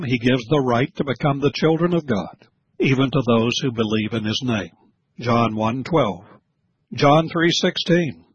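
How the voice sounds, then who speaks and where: Husky emphatic male preacher, dull recording. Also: medium pitch, no room sound. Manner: emphatic, scolding, slow deliberate stresses. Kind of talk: sermon.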